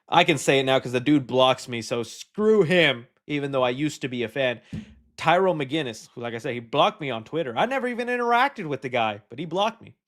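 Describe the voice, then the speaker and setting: A man hosting a casual live stream, answering chat questions in a rambling, jokey and animated way. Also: mid-range voice, fairly quick. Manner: rambling, animated, jokey, puts on silly voices.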